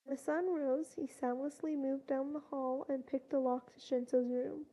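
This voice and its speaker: A woman reading a fanfiction story aloud in a plain storytelling way, with louder voices for quoted shouts. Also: high-pitched, steady tone, moderate pace, poor audio. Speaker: fanfiction reader.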